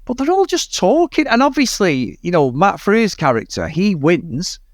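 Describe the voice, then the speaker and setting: A man tears into a bad film on a casual review podcast, exasperated and peppering his rant with swearing. His voice sits a little on the high side. The recording is close and dry, with no room sound. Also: big pitch swings, normal speed, no room sound. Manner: ranting, exasperated, heavy swearing. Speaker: podcast co-host.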